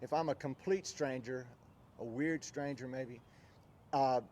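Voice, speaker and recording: A man leading a live outdoor workout class, counting reps loudly in a drill-style voice and chatting between sets, on a visor mic with a windscreen on a windy day. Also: mid-range voice, unhurried. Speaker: fitness instructor. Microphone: visor-mounted mic with fuzzy windscreen.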